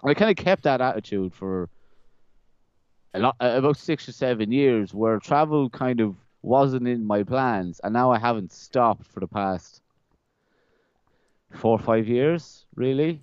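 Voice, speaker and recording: A man's voice: mid-range voice, animated, unhurried, darkish tone, smooth, no room sound. A young man, a podcast guest, telling stories in a loose, rambling way, often repeating words and laughing. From Ireland. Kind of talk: casual conversational storytelling. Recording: slightly dull, dry close-mic sound.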